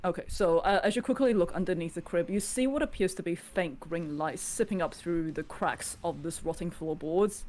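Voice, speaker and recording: Lowish woman running a tabletop game, chatty scene descriptions full of "like" and "um". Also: moderate pace, hardly any pauses, a little mellow. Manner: descriptive, chatty, filler-heavy narration. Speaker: game master.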